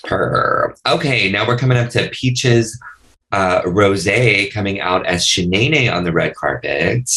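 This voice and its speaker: A man's voice: low voice, unhurried, sharp tone. Campy, chatty male podcast host. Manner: chatty, campy, playful asides. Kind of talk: casual podcast chat.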